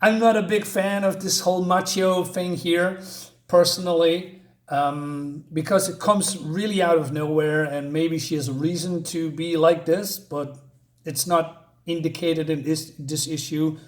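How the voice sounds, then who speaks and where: Male comic reviewer, casual recap, lots of ums and restarts, fairly high voice. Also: steady tone. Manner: halting, many fillers and restarts, reads quotes aloud.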